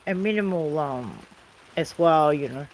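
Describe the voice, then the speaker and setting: A woman's voice: sits low, lively intonation, unhurried, a little mellow, a little hiss or hum, rough recording. A woman with an Australian accent chatting in a rambling, easygoing way outdoors by a fire, calling out now and then to people off camera. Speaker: vlogger. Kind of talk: casual chat. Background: rain falling.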